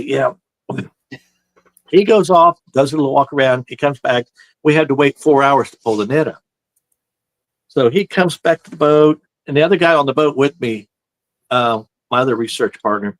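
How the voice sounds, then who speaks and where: A man's voice: medium pitch, no echo. A man telling a long prank story in a casual, rambling chat, looping back with "so anyway" between beats. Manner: rambling, animated anecdote-telling with "so anyway" asides. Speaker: show guest telling stories.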